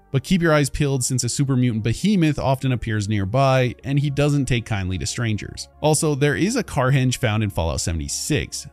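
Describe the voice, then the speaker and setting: A man's voice: mid-range voice, a little mellow. A man reading a scripted video-essay narration in a casual way, speaking straight to the viewers. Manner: casual, addresses viewers directly. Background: background music.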